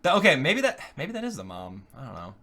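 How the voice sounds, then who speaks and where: Male reaction host, very lively pitch, jokey and rambling, drops to mumbles between bursts of excitement. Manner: excitable, joking, laughs often, rambles with quick asides; drops to low mumbling while clicking around. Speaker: video game reaction host. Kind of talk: casual live reaction commentary.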